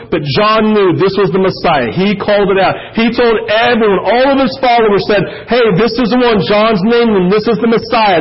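A man preaching a sermon, telling the story in an animated way and acting out the quotes. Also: sits high. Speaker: pastor. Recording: dull lo-fi sound.

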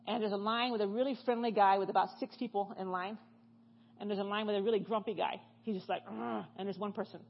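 A woman giving a sermon in a church, telling stories in a lively, conversational way and asking the congregation questions. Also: mid-range voice, highs cut off. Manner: animated, conversational, questions the audience. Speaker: guest speaker. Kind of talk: sermon storytelling.

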